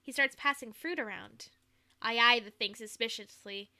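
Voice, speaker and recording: A woman's voice: a little high, moderate pace, bright, forceful tone. A woman streaming a game, reading it aloud and chatting in a playful manner. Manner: playful, laughs easily. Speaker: streamer reading a visual novel.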